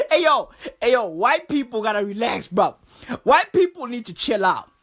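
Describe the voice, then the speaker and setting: A woman doing a comic rant, animated and profane, full of slang. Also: on the high side, moderate pace, slightly rough. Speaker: comedy vlogger.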